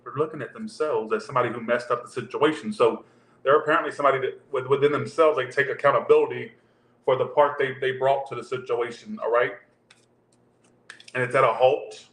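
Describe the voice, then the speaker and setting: A man's voice: medium pitch, fairly even intonation, a little fast, fairly bright tone. A man giving a casual tarot reading, talking loosely and straight to his viewers. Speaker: tarot reader. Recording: roomy echo with faint background hum.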